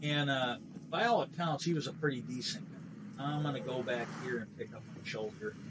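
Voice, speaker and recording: While streaming a game, a middle-aged man tells a long story in a bitter, profane, rambling way, restarting frequently. His voice is medium-pitched at a normal speed, with background noise present.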